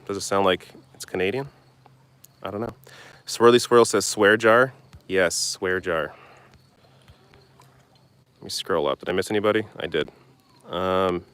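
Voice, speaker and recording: Outdoors on a casual live stream, a young man who does political commentary reads the chat and fires back blunt, loose answers to viewers. He swears and laughs off distractions, and his lowish voice has a clean tone with a bit of brightness.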